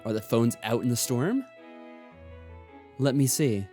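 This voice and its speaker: A man's voice: mid-range voice, lively intonation, unhurried, warm tone, faint music behind, lightly acted. A man reading a courteous wealthy mansion owner. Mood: polite, composed. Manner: tries for posh but stays near own voice. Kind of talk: let's play reading of a visual novel.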